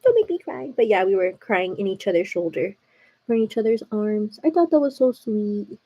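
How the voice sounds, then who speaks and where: A woman's voice: medium pitch, normal speed, slightly rough, dull audio. A woman hosting a live makeup stream, chatting casually and confidingly to her viewers, calling them "girl" as she works. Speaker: livestream beauty host. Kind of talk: casual makeup tutorial chat.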